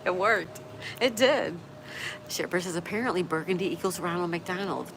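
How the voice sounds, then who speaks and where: A lower-pitched woman hosts a relaxed livestream, reading out viewer comments one after another and answering them in a chatty, laughing way. Steady background noise sits under her voice. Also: normal speed. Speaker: livestream host reading chat. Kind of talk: casual livestream chat.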